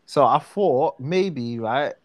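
A man's voice: medium pitch, animated, slow. A young man with a South London accent chatting as a guest, laughing often and teasing, repeating his phrases. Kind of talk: casual chat.

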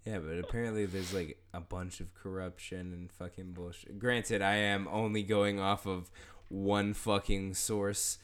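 A man's voice: sits low, level tone, unhurried, hardly any pauses, slight background noise. A man co-hosting a podcast in casual chat, rambling and swearing heavily, often laughing. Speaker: podcast co-host.

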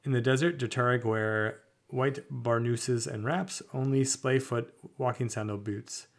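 A man co-hosting a tabletop podcast, reading fantasy lore aloud at a measured, slightly halting pace. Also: medium pitch, fairly even intonation. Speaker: podcast co-host.

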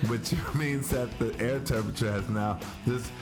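A middle-aged man hosts a podcast from his home studio in Barcelona, his mid-range voice moving at a normal pace over music. He chats casually, grumbling with mock aggravation and offering sing-song greetings.

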